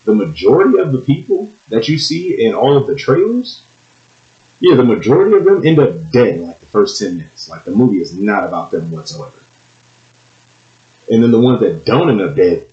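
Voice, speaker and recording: A man casually reviewing movies, swinging between loud excited bursts and mumbled asides. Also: low-pitched. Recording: echoey room, dull lo-fi sound.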